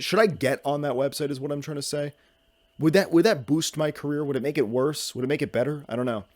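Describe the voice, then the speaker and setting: A man's voice: medium pitch, no room sound. A young man hosting a solo podcast, rambling in a goofy, self-mocking way and jumping from topic to topic. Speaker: podcast host.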